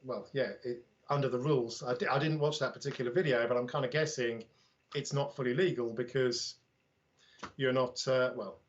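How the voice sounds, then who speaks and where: A man's voice: mid-range voice, steady tone, moderate pace, highs cut off. A man with a British accent chatting casually as a livestream guest, telling self-deprecating anecdotes about his drone channel.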